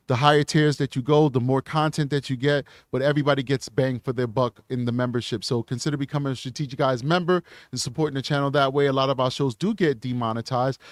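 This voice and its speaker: A man's voice: mid-range voice, no room sound. Male true crime live-show host, earnest, emotional, repeats and restarts, dry close mic. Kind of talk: live stream sign-off and channel pitch.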